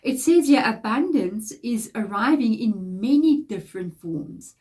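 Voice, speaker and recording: A woman's voice: on the high side, lively intonation, a little slow, darkish tone. Nasal, stuffy-nosed woman reading tarot. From Africa. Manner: chatty and encouraging, loose rambling sentences. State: stuffy blocked nose, nasal. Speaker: tarot reader. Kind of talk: casual tarot card reading.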